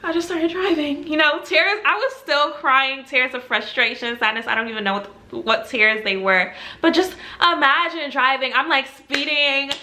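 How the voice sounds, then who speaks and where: Casting: young woman, bright forward voice, chatty storytime vlogger, animated and casual. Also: high voice, normal speed, hardly any pauses, a little hiss or hum. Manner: chatty, animated, full of "like", laughs while telling.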